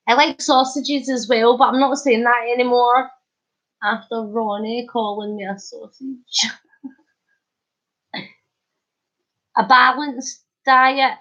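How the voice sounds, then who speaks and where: A woman's voice: a little high, fairly even intonation, takes it slowly, pauses often, a bit bright. A woman vlogger chatting casually on a home live stream, answering comments, giggly and hyper. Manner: chatty and giggly, laughing often. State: hyper and wide awake. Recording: slightly muffled lo-fi stream audio.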